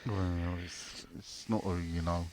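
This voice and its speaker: A man's voice: deep voice, steady tone, takes it slowly, a little mellow, a little hiss or hum. A man co-hosting a casual football podcast, swearing freely and reading out listener questions. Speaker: podcast co-host.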